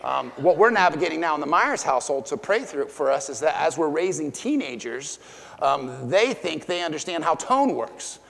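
A man's voice: fairly high pitch, sing-song, moderate pace, gravelly, a bit bright, in a large hall. A middle-aged man preaching a sermon as pastor. His delivery is conversational, with stories and direct questions to the listeners.

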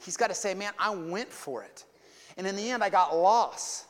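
A man preaching a sermon as pastor, animated and conversational, swinging from loud emphatic peaks to hushed asides, with repeated words and casual slang. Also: sits high, moderate pace, long reverb tail, slight background noise.

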